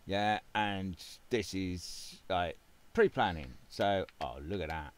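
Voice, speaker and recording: A man hosting his gaming channel, talking in an unhurried, drawn-out way with a lowish voice. He rambles in a wry, self-mocking manner and fills the gaps with "uh". It is casual commentary recorded at home. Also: clean tone. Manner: rambling and wry, with many fillers.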